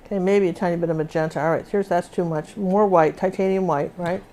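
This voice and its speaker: An older woman teaching acrylic painting on a live show. Her voice sits a little low, and she chats along as she mixes colors, often stopping and restarting mid-sentence. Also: steady tone, brisk, warm tone. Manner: chatty, talks while working, restarts often. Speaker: painting instructor.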